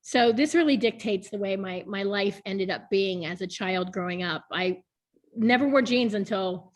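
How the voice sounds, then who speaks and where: A woman's voice: mid-range voice, normal speed. A woman in her thirties chatting frankly about her past on a video call, laughing often. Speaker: board member being interviewed. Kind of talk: casual video call chat.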